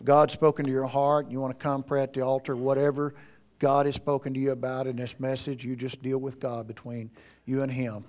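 A middle-aged male pastor preaching a sermon in a church, earnest and pleading, rising to emphatic peaks and dropping to quiet appeals. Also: medium pitch, flat delivery, a little fast. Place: church sanctuary.

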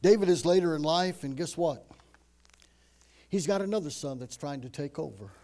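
A man preaching a sermon dramatically, rising to loud emphasis and dropping to hushed, low phrases. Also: animated, normal speed.

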